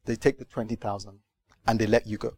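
A man preaching a sermon to a gathering, animated, moving from hushed tones to loud emphatic questions. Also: on the low side, fairly quick, slightly rough. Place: church gathering.

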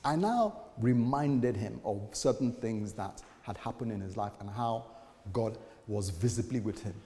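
A man's voice: lowish voice, expressive, a little slow, mellow, long reverb tail. A man preaching a sermon as a pastor, speaking in a conversational way and acting out the voices of people he quotes.

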